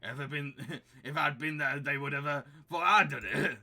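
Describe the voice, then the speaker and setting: A man doing a goofy loud bumbling friend. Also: on the high side, moderate pace. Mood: sheepish. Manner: rambling, laughing, bumbling. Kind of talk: voicing game dialogue.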